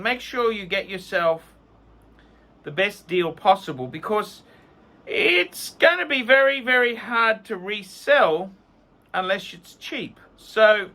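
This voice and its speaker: Rambling, enthusiastic male reviewer with a bright, forceful tone. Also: high-pitched. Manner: enthusiastic, rambling, repeats words for emphasis. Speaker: watch reviewer. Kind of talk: casual video review.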